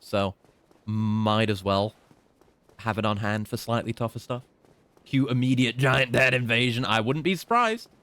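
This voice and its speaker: A man's voice: on the low side, a bit bright. A young British man giving casual, chatty commentary while streaming a game, swearing and teasing enemies. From Britain.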